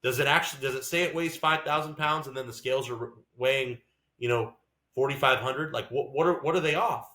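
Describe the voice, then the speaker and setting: A man's voice: medium pitch, a little fast, sharp tone, echoey room. A man co-hosting a podcast, ranting in a heated, profane way about how things were handled. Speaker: podcast co-host and racing driver. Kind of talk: casual podcast chat.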